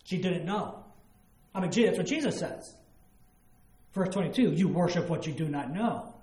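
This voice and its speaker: A man's voice: high-pitched, animated, normal speed, a little mellow. Man, pastor, expository sermon, emphatic asides, echoey room. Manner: expository preaching with acted-out quotes and emphatic asides.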